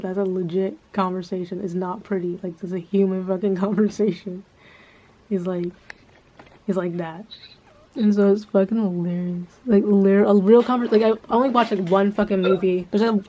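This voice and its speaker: A vlogger with a warm, mid-range voice rambles casually, swearing freely and packing her speech with filler words. The recording sounds dull and lo-fi, with faint background noise.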